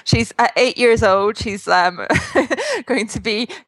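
A woman's voice: a little high, expressive, takes it slowly, a bit bright, dry recording. A woman from Scotland's East Coast with a Scottish accent, chatting casually as a podcast guest, laughing often and filling with ums. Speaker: guest, equestrian magazine journalist.

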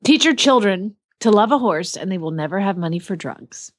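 A woman in her thirties, co-hosting a casual chat and telling stories with animated delivery, jumping into high voices when she quotes someone. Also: fairly quick. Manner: animated storyteller, acts out quotes with high shrieks. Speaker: podcast co-host.

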